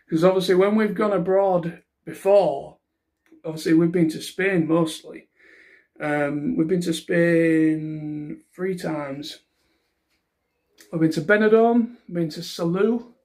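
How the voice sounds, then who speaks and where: A man chatting casually to camera in a vlog, rambling with lots of restarts and fillers. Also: high-pitched. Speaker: vlogger.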